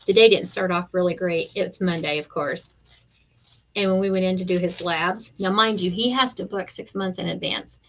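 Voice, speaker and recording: A middle-aged woman, chatting casually and acting out quotes while crafting on a live stream. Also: on the low side. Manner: animated storyteller, acts out quotes.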